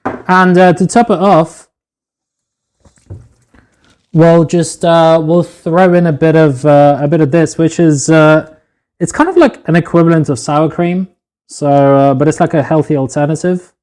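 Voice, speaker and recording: A man's voice: on the high side, normal speed, a little mellow. A man streaming himself cooking in a home kitchen on a phone, chatting casually, swearing freely and calling his viewers "boys". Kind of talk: casual live-stream chat while cooking.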